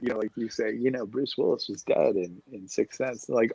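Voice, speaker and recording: A man co-hosting a podcast, chatting casually in meandering, soft-spoken asides. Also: mid-range voice, fairly quick, creaky, breathy edge, no room sound, lo-fi sound. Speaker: podcast co-host. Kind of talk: casual chat.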